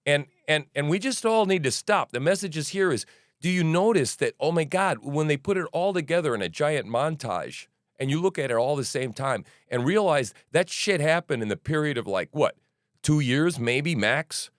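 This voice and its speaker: A man's voice: a little high, lively intonation, normal speed, no echo, clean studio sound. A middle-aged man hosting a podcast, rambling through news commentary with profanity, restarts and asides. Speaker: podcast host.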